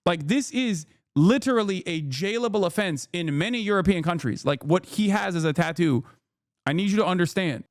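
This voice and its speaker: A man streaming casual commentary, incredulous and profane, with frequent loud exasperated outbursts. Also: high-pitched, lively intonation, normal speed, no room sound, clean studio sound. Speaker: streamer reacting to news.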